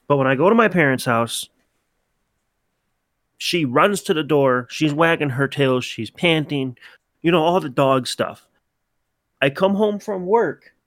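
A man co-hosting a casual podcast, telling animated stories and acting out his pet's voice. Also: fairly high pitch, dry recording, studio quality. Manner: animated storyteller, acts out his cat's voice. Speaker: podcast co-host. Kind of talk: casual chat.

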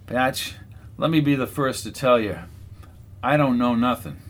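A man voicing a gruff male henchman who brushes off questions in a blunt, offhand way. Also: mid-range voice, measured pace, close to an everyday voice. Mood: evasive.

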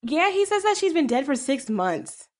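A woman casually recapping a film, rambling with filler words and quick asides. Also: sits high, sing-song. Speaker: co-host retelling a film. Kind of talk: casual chat.

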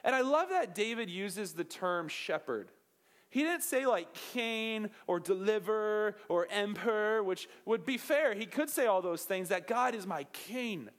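A young man preaching a sermon in a casual, animated way, joking with the crowd and acting out little quotes. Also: sits high, unhurried.

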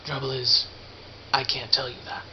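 A man's voice: medium pitch, level tone, moderate pace, natural voice. A man voicing a reclusive male drug dealer in an audiobook, giving short, clipped replies. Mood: guarded. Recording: dull lo-fi with faint hiss.

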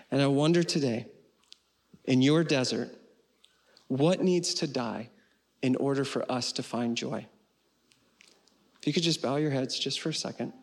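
A man pastor preaching a sermon in an earnest way, slowing down on key phrases and closing with a prayer. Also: medium pitch. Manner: earnest, slows for emphasis and ends with prayer.

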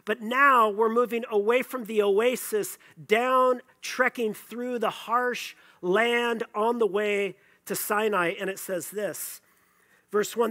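A man's voice: high-pitched, steady tone, takes it slowly, bright, forceful tone. A male pastor preaching a sermon, conversational and playful, joking with the congregation between scripture readings.

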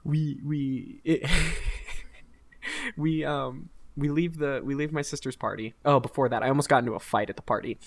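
A man's voice: mid-range voice, moderate pace, vocal fry. Young man telling a rambling story. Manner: rambling, laughing, animated retelling. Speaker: podcast host. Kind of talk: casual storytelling chat.

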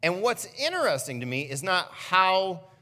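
Man, pastor, sermon, funny personal stories, bright, slightly high, long hall echo. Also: normal speed. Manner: animated storytelling with self-mocking humor. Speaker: student pastor. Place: church auditorium.

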